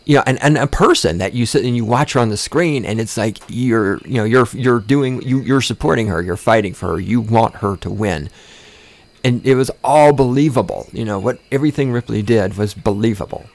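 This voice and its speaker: A man of middle pitch hosts a podcast in a loose, profane rant. He is sarcastic and stumbles over repeated words as he gets fired up. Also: brisk. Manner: sarcastic, swears often, mocks with exaggerated voices; repeats words and restarts when worked up. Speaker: podcast host.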